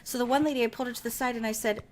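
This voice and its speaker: Casual woman host in her 30s, salty language, chatty animated storyteller. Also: on the high side, rapid-fire, slight background noise. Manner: laughs while telling stories. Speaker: podcast host. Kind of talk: casual chat.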